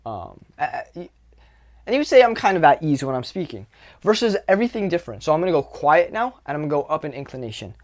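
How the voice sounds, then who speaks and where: A man's voice: fairly high pitch, lively intonation, rapid-fire. A young man talks straight to his viewers in a loose, conversational coaching style. He repeats points, leans on fillers and swears casually as he explains. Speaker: dating coach. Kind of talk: casual coaching monologue to camera.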